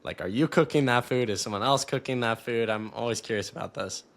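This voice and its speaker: A man's voice: mid-range voice, fairly quick. A man hosting a podcast, asking friendly, rambling multi-part questions in a casual interview. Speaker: podcast host.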